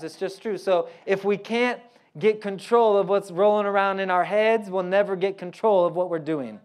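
A man's voice: high voice, moderate pace, clear, resonant tone. A man with an Oklahoma accent preaching a sermon in a folksy way, with joking asides and key lines repeated for emphasis. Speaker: pastor.

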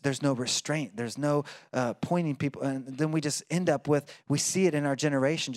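A man's voice: mid-range voice, a little mellow, no room sound. Man, pastor, conversational sermon, dry close sound. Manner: conversational preaching with fillers and restarts.

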